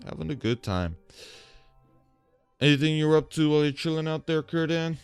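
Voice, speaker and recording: A man narrating a tabletop game as game master, chatty and animated, with many fillers. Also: fairly high pitch, moderate pace, clear, resonant tone, no echo, soft background music.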